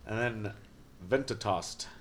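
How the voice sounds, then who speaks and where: A man's voice: fairly low pitch, unhurried, a little hiss or hum. A man narrating as game master, casual and descriptive, with frequent fillers.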